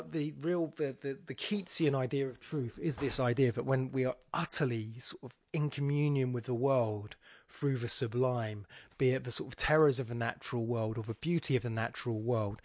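A man's voice: mid-range voice, moderate pace, no room sound. A man hosting a podcast, analysing a poem aloud in a musing, discursive way with wry, self-mocking asides. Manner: musing, thinking aloud with frequent restarts. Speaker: podcast host. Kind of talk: spoken poetry analysis.

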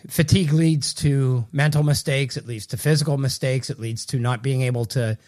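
A man's voice: medium pitch, fairly even intonation, normal speed, darkish tone. A man co-hosting a hockey podcast, talking in a loose, rambling way with many restarts. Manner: rambling, self-correcting, loose. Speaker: podcast co-host, hockey writer. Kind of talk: casual podcast chat.

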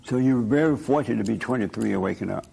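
Gravelly-voiced preachy male talk host. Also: on the low side, fast, a little mellow. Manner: emphatic, repeats points, chuckles while telling stories.

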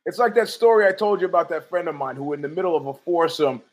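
A man's voice: a little high, lively intonation, fast talker, rough recording. A man hosting a podcast, rambling and profane, arguing with himself in a casual monologue. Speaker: podcast host.

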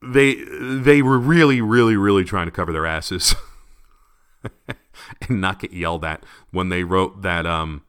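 Animated man with a bright voice. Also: low-pitched, a little slow, smooth. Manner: animated, opinionated, rambling. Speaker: podcast co-host. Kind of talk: casual opinion chat.

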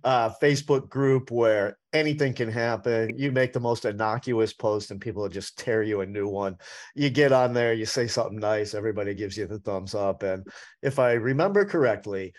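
A man's voice: lowish voice, moderate pace. A man hosting a food podcast and radio show, talking in an upbeat, chatty way and leaning playfully on words. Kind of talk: casual interview chat.

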